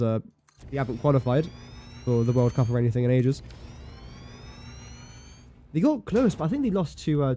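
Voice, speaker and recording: A man's voice: mid-range voice, dark tone, dry recording. Rambling man streaming a game. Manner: rambling, chatty, self-correcting. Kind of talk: casual gameplay livestream chat.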